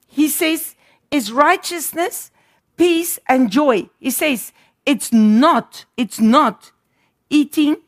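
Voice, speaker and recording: A woman preaching a sermon, emphatic and repeating words for stress. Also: high voice.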